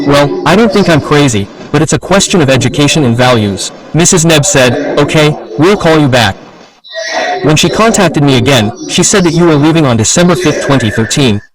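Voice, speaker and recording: A man's voice: on the high side, rough recording. A man giving an impassioned public political speech, insistent and full of rhetorical questions. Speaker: political speaker. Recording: speech over crowd noise.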